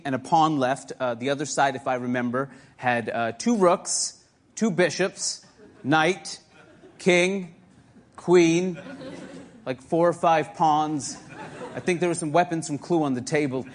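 A man doing a deadpan stand-up comedy set, recorded live in a club. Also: a little high. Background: audience laughter.

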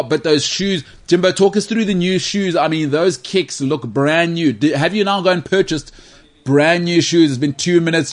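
A man hosting a podcast, quick to tease and joke. He talks in a loose, casual way and jumps from one playful jab to the next. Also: a little high. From South Africa. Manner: teasing, joking, animated. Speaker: podcast host.

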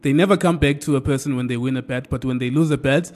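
A man's voice: mid-range voice, fast, a little mellow. A man hosting a radio sports show, talking with enthusiasm and exclamations.

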